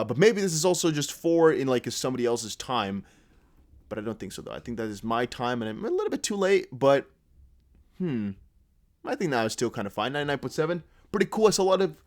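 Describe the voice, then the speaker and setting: Rambling Dutch-native man, lively pitch. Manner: rambling, halting, restarts while reading. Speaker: crypto news video host. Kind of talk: casual commentary reading posts aloud.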